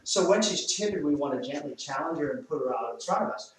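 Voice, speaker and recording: A man with an Australian accent, working as a dog trainer, coaching an owner and gently giving commands to a timid dog. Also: fairly high pitch, lively intonation, fast. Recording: very echoey, from a distance, faint noise.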